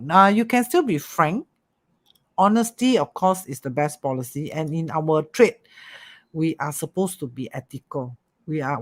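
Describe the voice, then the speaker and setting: Metaphysics teacher, livestream class, animated, keeps checking "okay?". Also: medium pitch. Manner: animated, repeats "okay?" and "ah", coaxing.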